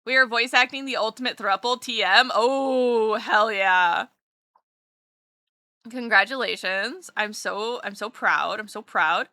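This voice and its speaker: A rambling, playful woman streamer chats with her viewers as she draws. Her voice is very bright and sits a little high. The sound is close and dry, with no room echo. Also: unhurried. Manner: chatty, rambling and playful, greets chat warmly. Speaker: streamer and artist. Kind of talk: casual livestream chat while drawing.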